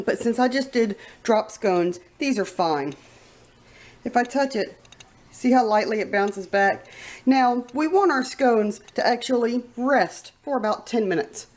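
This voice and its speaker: A cooking vlogger chats casually while baking in her home kitchen, giggling and talking to her pets. Her voice is a little high, animated and somewhat slow, recorded in an echoey room a bit away from the mic.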